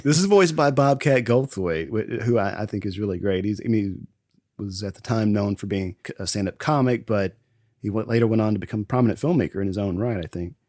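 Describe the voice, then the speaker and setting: A man hosting a casual podcast and recapping a film, laughing often and acting out lines in quick voices. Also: fairly low pitch, darkish tone, dry recording, studio quality. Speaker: podcast host. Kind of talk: casual movie recap chat.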